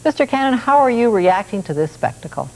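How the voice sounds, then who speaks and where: Woman news host, crisp questioning delivery, mid pitch, 1980s broadcast tape. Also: big pitch swings, noisy background. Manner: brisk, probing questions. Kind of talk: broadcast interview and introductions.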